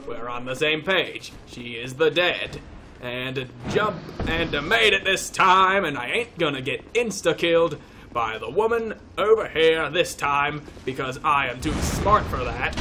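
A man's voice: fairly high pitch, noisy background. A man commentating his own gameplay, joking and putting on a mock-posh English accent while talking to enemies. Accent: put-on English accent. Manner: playful, mock-posh, swears, talks to enemies. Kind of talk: let's play commentary.

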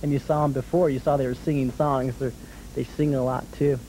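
A man's voice: medium pitch, little pitch movement, a little fast, dark tone, a little hiss or hum, low-quality recording. A man hosting a children's drawing lesson, talking his young viewers through each step with patient, encouraging questions and frequent chuckles. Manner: chuckles often while drawing.

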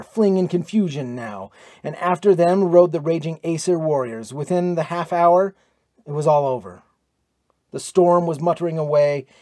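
Male narrator for pulp adventure audiobook, fairly high, dramatic, dry close sound. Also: darkish tone, dry recording.

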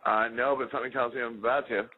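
A man calls into a radio interview and jokes his way through the questions in a loose, rambling way. His voice comes through a thin phone line that cuts off the highs and lows. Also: fairly even intonation, quick pace, slightly rough. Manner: joking, rambling, laid-back. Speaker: musician guest.

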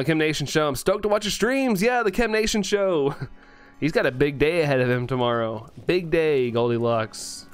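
A male game streamer reading his live chat aloud, excitable and quick to thank viewers, laughing often. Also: mid-range voice, clean tone.

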